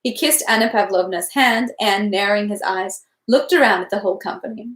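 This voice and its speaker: A woman reading a long novel aloud at a middling pitch, careful and steady, tripping now and then on French phrases. Her voice carries a roomy echo. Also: fairly quick. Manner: careful, stumbles over French words. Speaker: reader. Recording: echoey room.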